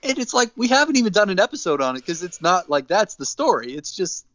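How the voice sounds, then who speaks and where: Podcast co-host, male, lively storyteller, dry and slightly muffled sound. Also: sits high, quick pace, no room sound. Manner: animated storyteller, acts out quotes. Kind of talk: casual chat, recapping wrestling. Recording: dull dry close mic.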